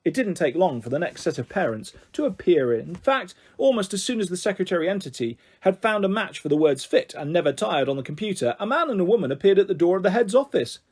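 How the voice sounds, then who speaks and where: Man reading a storybook, high voice, lively pitch, breathy tone. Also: fast, few pauses. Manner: expressive, animated storytelling. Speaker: narrator. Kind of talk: audiobook reading.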